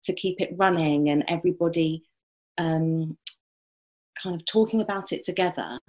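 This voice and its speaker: British woman, lower pitch, therapist type, thoughtful and hesitant with fillers; interview guest. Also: steady tone, normal speed. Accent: British English. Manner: thoughtful, warm, with fillers and restarts. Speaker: psychotherapist and group leader. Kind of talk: reflective interview answers.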